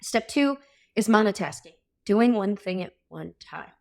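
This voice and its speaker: An energetic woman coach in her thirties talks straight at the listener in a casual workshop style. She is blunt and swears freely, and her voice sits at a middle pitch for a woman. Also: a little slow.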